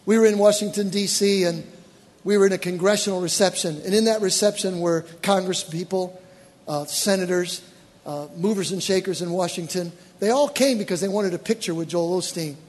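High-voiced animated preacher man in a hall. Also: a little fast. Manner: animated, exclaiming storyteller with bursts of excitement. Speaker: pastor. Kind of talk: sermon storytelling. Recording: church hall reverb.

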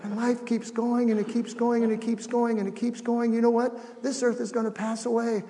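A middle-aged man preaching a sermon as pastor, animated, shifting between soft and loud with acted asides. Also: very high-pitched, moderate pace, big-room sound. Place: church sanctuary.

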